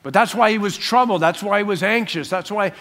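A man, a pastor preaching a sermon and teaching through a passage verse by verse, breaking into small acted-out scenes in softer voices. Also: high-pitched, fairly quick. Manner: animated, acts out little scenes in dropped voices.

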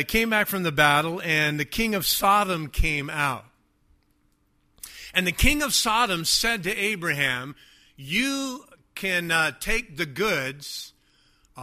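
Slow, bright-voiced preacher. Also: male voice, a little high. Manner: emphatic, repetitive, drops to quiet asides. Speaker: pastor. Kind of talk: sermon.

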